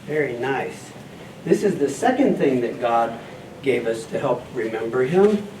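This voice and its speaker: A man's voice: mid-range voice, very animated, unhurried, a little mellow. A man playing a friendly scribe teacher and farmer in a church children's skit, leading the kids in call-and-response. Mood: cheerful teaching. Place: church hall. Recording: echoey, distant mic, noisy room.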